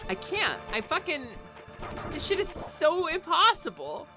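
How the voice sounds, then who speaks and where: Her voice is very high-pitched, swinging widely in pitch, and unhurried. Live-streaming a game with faint music behind her, she's swearing and fed up, ranting at the game while chatting with and greeting her viewers.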